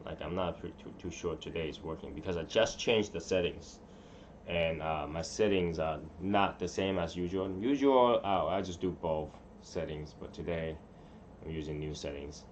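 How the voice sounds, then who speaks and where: A man's voice: very deep voice, steady tone, moderate pace, a little hiss or hum. A man hosting a casual live stream, rambling and muttering to himself as he fiddles with his settings in a room at home. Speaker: livestream host.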